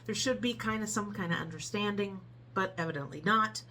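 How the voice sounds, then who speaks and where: A woman telling a story casually in a vlog, animated and acting out the people in it. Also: mid-range voice, a little fast, slight background noise. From Ohio, USA.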